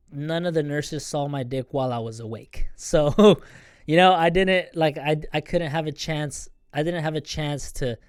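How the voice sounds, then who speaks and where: A man's voice: a little high, smooth, dry recording, clean studio sound. A young man hosting a podcast, telling a personal story in a rambling, profane way and laughing often. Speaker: podcast host. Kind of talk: casual storytelling.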